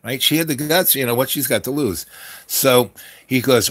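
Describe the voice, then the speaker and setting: A man hosting his own channel, telling a long story in a meandering way with lots of fillers and restarts and frequent throat clearing. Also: medium pitch, normal speed. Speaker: channel host. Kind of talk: rambling storytelling monologue.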